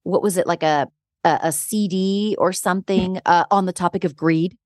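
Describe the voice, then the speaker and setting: A woman hosting a podcast in casual chat, an animated storyteller who often breaks into laughter. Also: on the low side, moderate pace, no room sound, clean studio sound. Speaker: podcast host.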